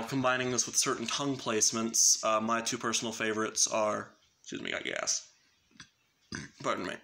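A man's voice: mid-range voice, pushed and bright. A man casually explaining extreme metal vocal technique in a loose, rambling way, with lots of fillers. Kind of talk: casual spoken tutorial.

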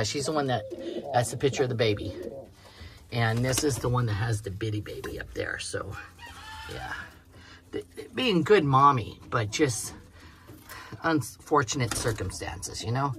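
A woman's voice: a bass voice, a little hiss or hum. A woman vlogging from her small farm, chatting casually to viewers while scolding and coaxing her chickens as she does chores outdoors. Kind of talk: casual vlog narration while doing chores. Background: clucking chickens and birds.

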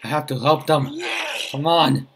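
A man hosting his own gaming channel, giving flustered, excitable let's-play commentary that often repeats itself. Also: on the high side, unhurried, noisy background.

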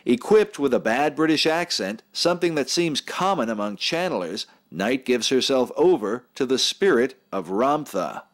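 A man giving measured, skeptical scripted documentary narration. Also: medium pitch, lively intonation. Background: music.

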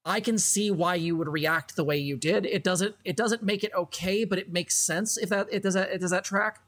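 A woman hosting a casual interview, her voice a little low, breaking in with quick sympathetic reactions and short remarks to the guest. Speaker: podcast host.

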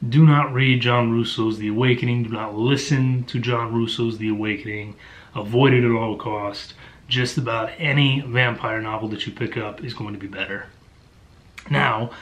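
A man's voice: mid-range voice, a bit bright. Blunt, exasperated male book reviewer. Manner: blunt, exasperated, with many fillers. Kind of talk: casual review monologue.

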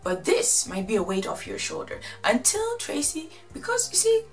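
A woman casually recapping and commenting on a reality show, chatty and animated, acting out what the people said. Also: sits high, moderate pace, soft background music. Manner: chatty, animated, quotes people in exaggerated voices.

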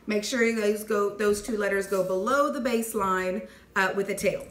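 A woman teacher leading a phonics dictation lesson, clearly sounding out letters and words and praising answers. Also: mid-range voice, fairly even intonation, normal speed. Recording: echoey room with faint noise.

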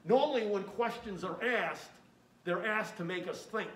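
A man's voice: sits high, normal speed, fairly bright tone. A man preaching a sermon as pastor, reading scripture aloud with rising emphasis and explaining it plainly, with frequent "uh" fillers, recorded from a distance in a church. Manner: uses fillers like "uh" often. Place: church sanctuary. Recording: echoey church room from a distance.

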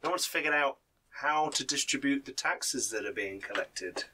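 A man's voice: mid-range voice, expressive, moderate pace, bright, forceful tone, far from the mic, slight background noise. A game master voicing a shady male informant in a confiding, hesitant manner. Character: shady male street informant, sly and wary. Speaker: non-player character.

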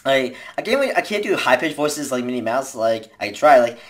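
A woman's voice: extremely low pitch, expressive, a little fast. A young woman giving casual, rambling tips to viewers in a home video, with lots of fillers and restarts. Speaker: vlogger.

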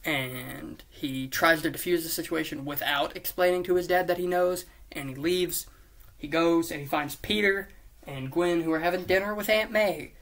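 A man's voice: fairly high pitch, moderate pace, fairly bright tone. Rambling, profane young-sounding man. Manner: profane, rambling, self-mocking, with silly put-on voices. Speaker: YouTuber pitching a movie idea. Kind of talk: rambling casual monologue.

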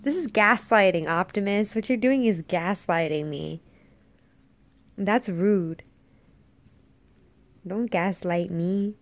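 A woman's voice: medium pitch, takes it slowly, long pauses, no echo. A woman chatting casually to her pet dog on camera, playfully scolding and teasing it. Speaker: dog owner.

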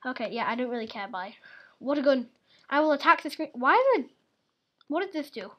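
A woman's voice: sits high, animated, brisk. A young woman, in her teens, hosting a casual gaming video with chatty, giggly, teasing talk. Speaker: gaming channel host.

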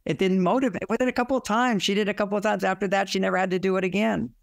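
A man's voice: high voice, very fast, vocal fry, no room sound, clean studio sound. A man who writes on relationships, giving advice through personal stories, acting out what people said and chuckling as he goes. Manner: animated storytelling, acting out quoted lines, chuckling. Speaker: relationship author.

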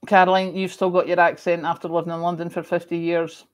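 A fast-talking livestream host, this middle-aged Scottish woman has a lowish voice with little pitch movement and a moderated accent. She chats casually as she reads viewer comments, coughing and using "um" a lot.

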